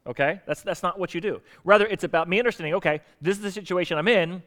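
A man's voice: high voice, expressive, rapid-fire, hardly any pauses, a bit bright. A man preaching a conversational sermon, emphatic, with rhetorical questions and repetition.

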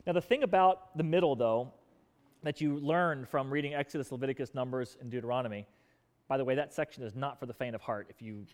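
A man preaching a sermon in church, telling stories with lively acted-out quotes of grumbling people. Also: medium pitch, fast, big-room sound. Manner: animated storytelling, acting out grumbling crowds in quoted voices. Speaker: pastor.

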